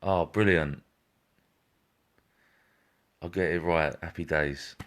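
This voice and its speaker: A man's voice: deep voice, steady tone, slow pace, a bit bright. A man working as a medium, giving a live-stream psychic reading, repetitive and reassuring, addressing viewers by name.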